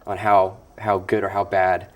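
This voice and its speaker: A young man hosts a campus sports interview, chatting loosely and restarting his sentences often. His voice sits somewhat low. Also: little pitch movement, moderate pace. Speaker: host.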